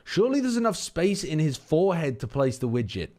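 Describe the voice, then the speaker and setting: A man's voice: on the high side, moderate pace. A man streaming a game, joking and swearing as he comments to his chat. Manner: animated, swearing, mocking commentary. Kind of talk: casual gaming stream chat. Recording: game music underneath.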